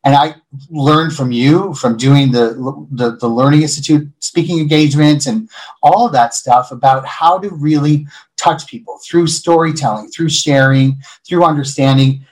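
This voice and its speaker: Interview guest, male, from Buffalo, animated storyteller, conversational. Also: a little high, poor audio. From Buffalo, New York. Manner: animated storyteller who acts out quoted voices. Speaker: interview guest, hospitality leader.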